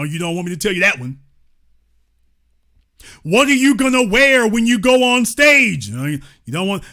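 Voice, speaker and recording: Hosting a commentary show, a man speaks in a very high-pitched voice that sounds pushed and bright. He rants in a heated monologue, slangy and colloquial, repeating his points with emphatic confrontation.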